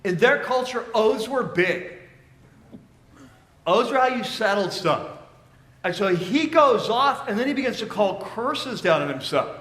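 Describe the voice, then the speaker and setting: High-voiced casual male pastor. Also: expressive, a little slow, a bit bright, roomy sound. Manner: casual, storytelling preaching. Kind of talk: sermon. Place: church.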